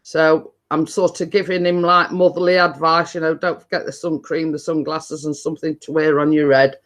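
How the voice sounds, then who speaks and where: A woman's voice: sits low, level tone, normal speed. A middle-aged woman talks casually to her viewers, reading names from the chat. She laughs often and trips over her words, restarting her sentences as she goes. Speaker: live stream host reading chat.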